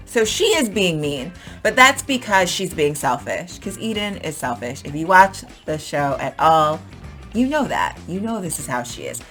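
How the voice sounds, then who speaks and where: Female online English teacher, relaxed and chatty, slightly low pitch, walks through examples. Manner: chatty, explains with examples and fillers. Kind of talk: casual explanatory lesson.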